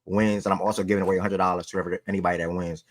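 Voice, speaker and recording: Low-voiced man hosting a casual sports stream. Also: little pitch movement, racing. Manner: loose slangy talk, breaks off to call his dog. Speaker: host of a sports livestream. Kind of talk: casual livestream chat.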